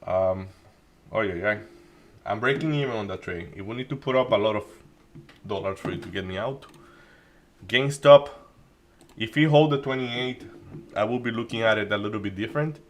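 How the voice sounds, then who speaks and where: A man doing live trading commentary, thinking aloud with many restarts and halting phrases. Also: lowish voice, a little hiss or hum. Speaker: day trading streamer.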